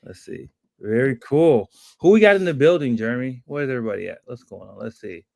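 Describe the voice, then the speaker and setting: A man's voice: mid-range voice, lively intonation, a little fast, vocal fry, a little mellow, no echo, studio quality. A man co-hosting a casual developer live stream. He talks upbeat and greets viewers by name.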